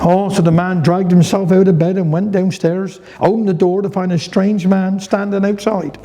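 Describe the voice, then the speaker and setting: Brief: Cornish storyteller, man, fairly high voice, playful and chatty. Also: little pitch movement, normal speed, dark tone, low-quality recording. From Cornwall. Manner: chatty, humorous rhyming recitation. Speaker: dialect storyteller. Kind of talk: reading dialect stories to a live audience. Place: heritage venue talk.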